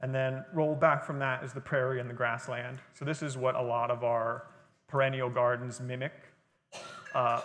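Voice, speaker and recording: A man's voice: medium pitch, a bit bright. Man lecturing in a reverberant hall. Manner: explanatory, conversational lecturing with fillers. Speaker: guest speaker. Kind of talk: library lecture on gardening. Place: library talk room.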